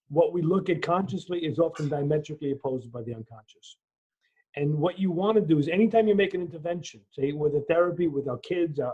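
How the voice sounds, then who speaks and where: Husky lecturer on a muffled call. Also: male voice, a little high. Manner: animated storyteller who acts out dialogue, frequent restarts. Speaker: lecturer answering questions. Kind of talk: lecture Q&A with personal anecdote. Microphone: video call. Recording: muffled lo-fi video call audio.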